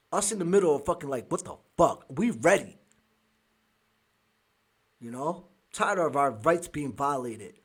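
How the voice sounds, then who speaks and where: Furious, foul-mouthed husky man. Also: medium pitch, a bit bright. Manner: furious, profane ranting. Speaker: podcast host. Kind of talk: angry commentary reacting to clips.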